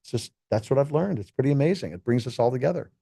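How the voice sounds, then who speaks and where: Man, middle-aged, mellow warm tone, dry close sound, lively storytelling. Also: medium pitch, fast talker, vocal fry, slightly rough, no room sound. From United States. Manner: enthusiastic, animated storytelling with acted quotes. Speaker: keynote speaker and juggler. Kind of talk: casual interview conversation.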